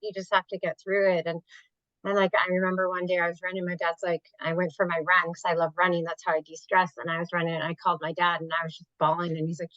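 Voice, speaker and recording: Soft-spoken woman on a dull call line. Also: on the low side, little pitch movement, no echo. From Canada. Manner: soft-spoken, halting, with many fillers. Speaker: podcast guest. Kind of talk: casual interview conversation.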